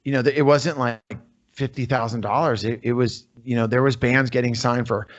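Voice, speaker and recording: A middle-aged man from Northern California, a musician guest in an interview, telling his stories in a rambling, animated way full of "you know" fillers. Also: mid-range voice, brisk. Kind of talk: casual storytelling interview. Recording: slightly muffled lo-fi audio.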